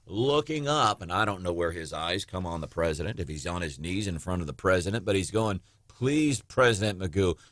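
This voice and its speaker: A man hosting morning talk radio, with a low-set voice and a sarcastic, combative edge. He is close on the mic in a dry studio, with no room sound. He fires opinions straight at his listeners. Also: animated, fairly quick, few pauses, a bit bright, no echo. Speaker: radio show host.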